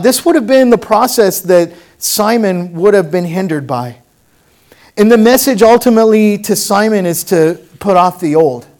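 A man preaching a sermon, swelling loud on key phrases and dropping to quiet personal storytelling. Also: fairly high pitch. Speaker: pastor.

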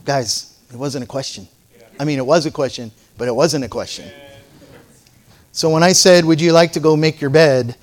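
A man's voice: fairly high pitch, moderate pace. A middle-aged male pastor preaching a sermon, moving from playful storytelling to fervent exhortation.

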